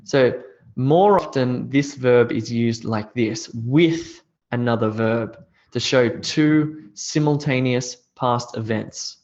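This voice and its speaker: A man's voice: medium pitch, takes it slowly, a little mellow, dull audio. Man teaching a live online grammar class. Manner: explains step by step, reads out student answers. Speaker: English teacher.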